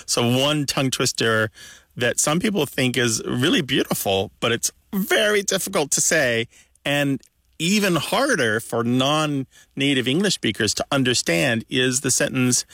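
A man's voice: mid-range voice, lively intonation, a little slow, a bit bright, no echo. A man co-hosting a radio show in a studio, explaining language at length with restarts. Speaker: radio co-host, language expert. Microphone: studio mic.

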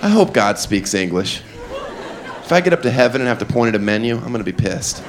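A man performing a stand-up comedy set, mock-earnest and deadpan, with playful asides. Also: medium pitch, fairly quick, crowd noise. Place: comedy club stage with audience. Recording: live club, audience laughter and noise.

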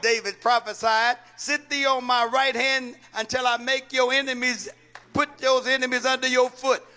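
High bright-voiced male preacher. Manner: preaching with repeated calls to the congregation. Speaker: pastor. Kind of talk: call-and-response sermon.

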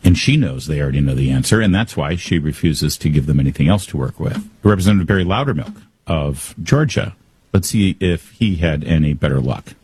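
A man's voice: extremely low pitch, animated, a little fast, darkish tone, husky. A man hosting a talk radio show, giving emphatic, sarcastic commentary straight to his listeners. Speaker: radio host.

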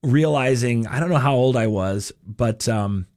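A man's voice: mid-range voice, a little slow, a little mellow. A middle-aged man hosting a radio show, telling stories in a chatty, casual way and laughing often. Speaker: radio host. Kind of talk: casual talk-radio chat.

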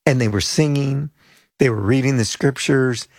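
A man's voice: mid-range voice, moderate pace, darkish tone, breathy edge, no room sound, clean studio sound. A pastor in his sixties from the United States, telling rambling anecdotes with asides as an interview guest.

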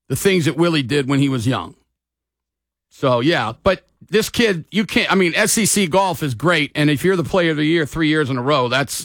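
A man's voice: fairly high pitch, fairly bright tone, dry recording. A man hosting sports talk radio in a loose, rambling, casual way from a studio mic.

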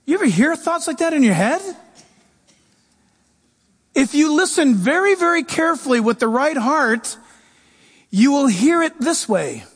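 A pastor preaching in a passionate talk, repeating phrases for emphasis. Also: male voice, very high-pitched, sing-song, unhurried, pauses often.

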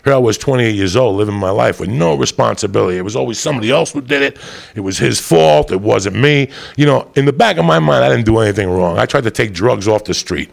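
Man, stand-up comedian, crude rowdy storytelling, deep gravel in the voice, live audience. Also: expressive, fast talker. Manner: loud, profane, rambunctious storytelling. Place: stage before a live audience.

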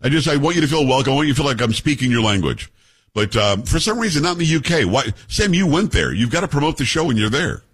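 A middle-aged man hosting a talk radio show, speaking close to a studio microphone. His voice has a husky edge, and he drifts from promos into loose, joking asides with his co-host. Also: medium pitch, very animated, fast talker. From Texas. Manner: chatty, joking, name-dropping asides. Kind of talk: casual radio chat.

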